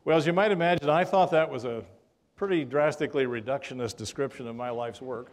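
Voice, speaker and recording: A man's voice: mid-range voice, fast talker, background noise. Older man giving a wry history lecture. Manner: wry storytelling, dry humor, frequent fillers. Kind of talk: public lecture with anecdotes. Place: lecture room with an audience.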